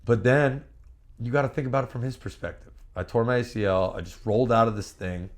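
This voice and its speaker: In a candid shoot interview, a former pro wrestler talks brashly, profanely, and boastfully, telling animated stories with bursts of repeated words. His voice is medium in pitch and fairly quick.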